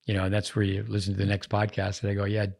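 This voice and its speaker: A man's voice: lowish voice, monotone, very fast, vocal fry, a little mellow. A man hosting a podcast, chatting casually and drifting from one story to the next as he goes. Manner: rambling, digressive storytelling. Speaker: podcast host. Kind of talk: casual conversation.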